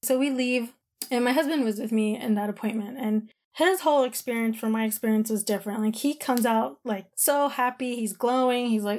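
A woman's voice: fairly high pitch, brisk, darkish tone. A woman casually telling a personal story to camera, retelling conversations and talking with lots of "like" fillers.

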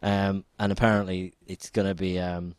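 A man with a very low voice co-hosts a casual podcast, moving the chat along between topics. He hesitates often and fills gaps with ums. His voice sounds close and dry, with no room around it. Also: level tone, moderate pace, a little mellow, smooth, no room sound. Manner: hesitant, many ums while running the topics. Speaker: podcast co-host.

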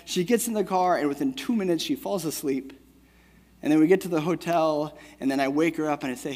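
Conversational pastor with a high-pitched voice. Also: male voice, a little fast, darkish tone. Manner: conversational, keeps asking "right?". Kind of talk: sermon with personal story. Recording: long hall reverb.

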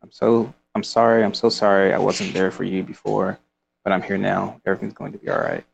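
A man's voice: sits low, little pitch movement, brisk, gravelly, dull audio, slight background noise. A man casually discussing a book, reading passages aloud and rambling with laughs. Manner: rambling, with frequent fillers and laughs.

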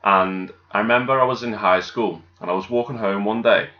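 A man's voice: lowish voice, a little fast. A man from Birkenhead with a Merseyside accent, telling jokey, cheeky anecdotes in casual chat and acting out the quotes. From Birkenhead, England. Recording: dull lo-fi sound.

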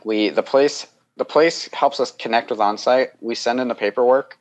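A man's voice: mid-range voice, normal speed. A young man in casual chat, telling a long story in a rambling way, acting out the people he quotes and laughing often.

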